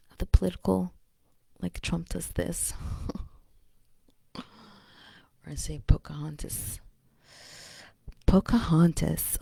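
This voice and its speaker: A woman vlogging in a casual, rambling monologue, often dropping to a breathy whisper and speaking bluntly with profanity. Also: deep voice, darkish tone, dry recording.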